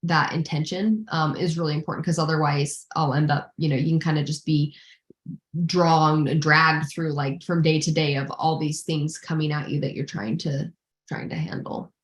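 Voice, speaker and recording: A woman with a fairly low voice talks candidly as a guest in a live Q&A, circling back and restarting her phrases with a self-deprecating ease. Her voice comes over a video call mic with a roomy echo. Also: little pitch movement, moderate pace. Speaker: guest executive.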